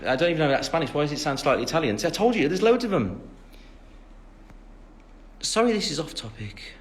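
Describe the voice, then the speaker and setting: Slightly high and lively in intonation, this English man in his twenties talks a little fast but with long pauses during a casual phone livestream. Answering fans, he rambles with many fillers and laughs at his own expense.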